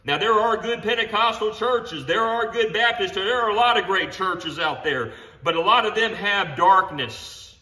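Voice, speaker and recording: A man with a high, very bright and forceful voice preaches a fervent sermon. He drives each point home with "Amen" and stumbles into restarts as he goes. The sound rings off the hard walls of a home garage. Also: expressive, normal speed. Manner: impassioned, repeats "Amen" and "honey", stumbles into restarts. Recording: echoey garage room sound.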